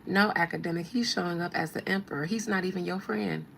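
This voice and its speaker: Gravelly-voiced woman with blunt, slangy commentary. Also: lowish voice, fairly even intonation, fast talker, a bit bright, slight background noise, rough recording. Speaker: tarot reader and host. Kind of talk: casual commentary.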